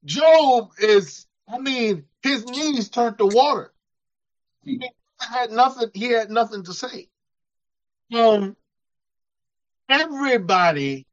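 A man's voice: high voice, a bit bright. A man preaching a sermon, acting out quoted voices and chuckling as he talks. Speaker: pastor. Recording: dull lo-fi church recording.

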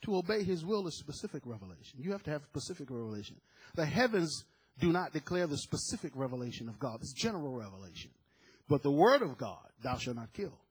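Preacher, male, husky and high, fervent delivery with emphatic repeats. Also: sing-song, fast talker, rough recording. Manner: fervent, emphatic, repeats words when moved. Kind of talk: sermon.

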